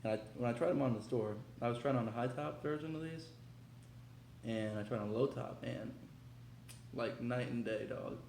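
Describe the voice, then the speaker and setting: A young man hosting a casual unboxing vlog, talking in an excitable, slangy, hyped way. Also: mid-range voice, moderate pace, vocal fry, slight background noise. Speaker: vlogger. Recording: echoey room.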